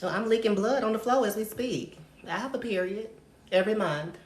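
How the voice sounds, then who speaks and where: With a roomy echo and faint noise behind her, a livestream host with a mid-range voice speaks briskly. She addresses her viewers as darling throughout a sassy, profane, brash rant.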